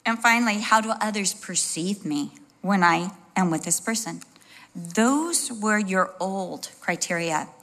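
Middle-aged woman preacher, sermon delivery, conversational and expressive with lively asides. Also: medium pitch. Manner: conversational and expressive, with asides and little acted-out voices.

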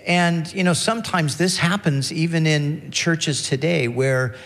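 A male pastor preaching a sermon in a relaxed, conversational way, often restarting his phrases. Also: a little high, a little slow, big-room sound. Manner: conversational, many restarts and "you know".

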